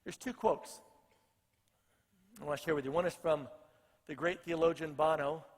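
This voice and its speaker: A male pastor gives an earnest sermon in a fairly high voice with fairly even intonation at a moderate pace, repeating phrases to drive his points home. A long reverb suggests a church sanctuary.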